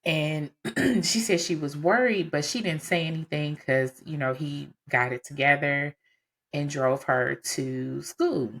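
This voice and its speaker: A woman with a low voice tells a personal story in a relaxed, conversational way. She talks casually and animatedly, filling gaps with "um" and "you know." It sounds like a podcast host speaking straight to her listeners. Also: a little slow.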